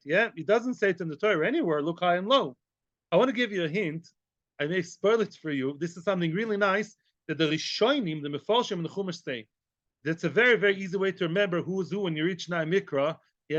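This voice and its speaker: Rabbi guy teaching talmud, high voice, throws questions at the class then answers them, dry lo-fi sound. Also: fairly bright tone, no room sound. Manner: mixes English with Hebrew and Aramaic terms. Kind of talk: Talmud lesson. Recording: dull, lo-fi and dry.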